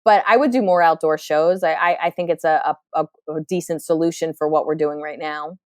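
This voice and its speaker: Her voice sits low, with a steady, clean, slightly mellow tone, and she speaks fairly quickly on a dry, studio-quality recording. She's a stand-up comedian in her thirties from New Jersey, a candid, reflective podcast guest who often restarts her sentences and uses lots of fillers.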